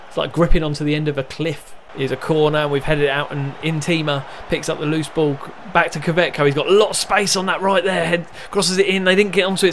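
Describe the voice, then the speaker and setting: A man's voice: fairly high pitch, fairly quick, hardly any pauses, a little hiss or hum. A young man casually commentating on his own football management game, narrating play and cheering on his team. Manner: chatty, narrates match events, erupts with excitement at goals.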